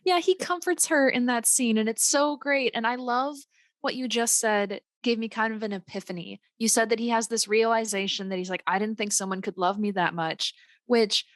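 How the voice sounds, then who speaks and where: A woman's voice: fairly high pitch, normal speed, dry recording. A woman co-hosting a podcast in casual chat, talking in a gushing, enthusiastic way. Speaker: podcast co-host.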